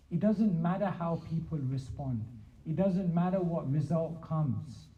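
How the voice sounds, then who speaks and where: A man, a spiritual teacher, answering questions in a measured talk with repeated emphatic phrasing. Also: on the high side. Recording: dull lo-fi sound.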